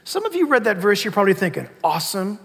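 A man's voice: high-pitched, sing-song, very fast, noisy background. A man preaching a sermon as pastor, emphatic, repeating key words and laughing between points. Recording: long hall reverb.

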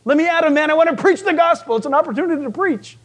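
A man voicing an eager, fearless apostle who is itching to preach to a huge crowd, pushy and excited. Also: extremely high pitch, fast talker, exaggerated voice.

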